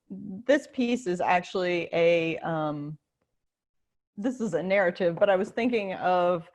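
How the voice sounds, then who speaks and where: A woman professor answering teachers' questions in an informal online Q&A, chatty and animated, with many fillers and restarts, speaking over a video call. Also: medium pitch.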